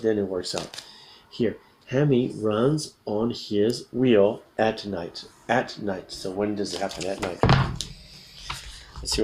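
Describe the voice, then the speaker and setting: A man teaching English grammar, reading a picture book aloud slowly and breaking off to explain and correct himself. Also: lowish voice, darkish tone. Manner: reads slowly with self-corrections and asides. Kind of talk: casual read-aloud lesson.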